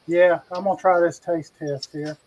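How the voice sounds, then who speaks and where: Guy hosting a cooking stream, chatty and rambling, voice a bit on the high side. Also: steady tone, moderate pace, muffled recording, slight background noise. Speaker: cooking show host. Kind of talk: casual live cooking chat.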